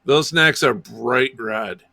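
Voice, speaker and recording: A man's voice: medium pitch, slow pace, vocal fry, sharp tone, no room sound. An American man co-hosting a casual live stream, teasing and jokey. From United States.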